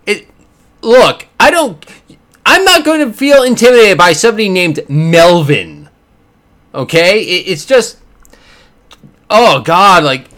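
A man hosting a podcast, giving sarcastic, animated commentary with quick character bits. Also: high voice. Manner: sarcastic, animated, does voices. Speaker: podcast host. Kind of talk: casual commentary.

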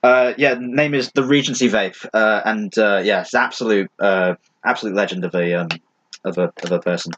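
A young man guesting on a podcast, telling stories haltingly with many fillers and casual swearing. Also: lowish voice, fairly bright tone, muffled recording.

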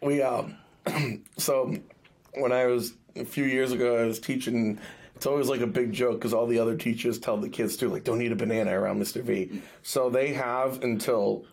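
A man's voice: medium pitch, fairly even intonation, normal speed, a little mellow. A man with a New England accent hosting a fishing podcast, telling stories with blunt, swearing energy. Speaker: podcast host. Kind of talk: casual podcast chat.

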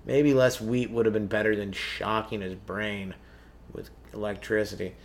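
A young man doing a rambling, profane comedy monologue as a stand-up podcast host, who keeps breaking into quick acted voices and yells. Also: fairly low pitch, fairly even intonation, slight background noise.

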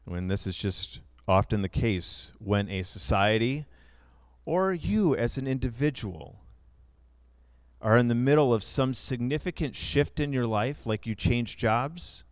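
A man's voice: mid-range voice, lively intonation, a little slow, dry recording. A younger man preaching a sermon, explaining figures in a conversational way with asides. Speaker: pastor.

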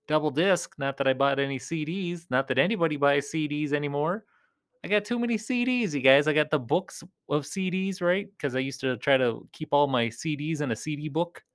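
A man with a slightly higher than usual voice rambles to his viewers in loose, joking chat. He pokes fun at himself and often trails off mid-thought before starting again. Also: brisk. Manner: chatty, joking, self-deprecating, trails off and restarts. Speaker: video creator. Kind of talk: rambling casual chat to viewers while playing a game.

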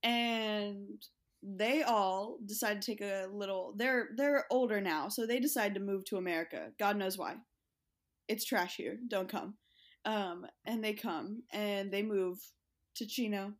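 A woman's voice: medium pitch, a little slow. Giggly rambling woman co-host. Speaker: podcast co-host. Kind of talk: casual chat.

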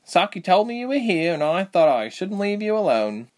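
A man voicing Reshma, a gruff and irritable young woman fighter who snaps sourly at her companion. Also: high-pitched, very animated, moderate pace, pitched above the performer's own voice. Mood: exasperated. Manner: sharp and sour, snapping.

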